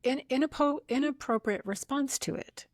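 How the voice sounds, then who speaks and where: A woman's voice: sits high, fairly quick. This is a woman doctor speaking as a guest in a podcast interview. She explains things earnestly and reaches for everyday comparisons. Her voice sounds dry and close, with no room echo. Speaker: pediatrician guest. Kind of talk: conversational interview.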